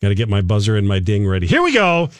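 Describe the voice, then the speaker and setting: Animated male trivia host. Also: lowish voice, no room sound, clean studio sound. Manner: halting, with many fillers and restarts. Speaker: radio host running a trivia quiz. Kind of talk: casual radio banter.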